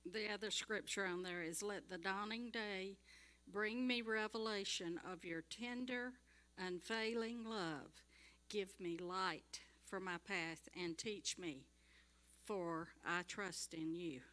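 A woman slowly reading scripture and a devotional passage aloud in a church. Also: medium pitch, fairly bright tone. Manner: slow, measured reading aloud.

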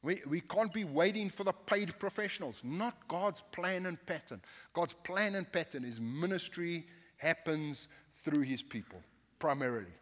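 A man's voice: a little high, expressive, normal speed, a bit bright. Man preaching a sermon in a reverberant hall. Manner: emphatic, repetitive, with joking asides to the congregation. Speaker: pastor. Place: church sanctuary, at the pulpit.

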